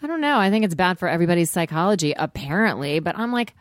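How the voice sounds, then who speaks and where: A woman's voice: on the low side, big pitch swings, quick pace, no echo. A woman in her thirties in casual chat, dry and sarcastic in her banter.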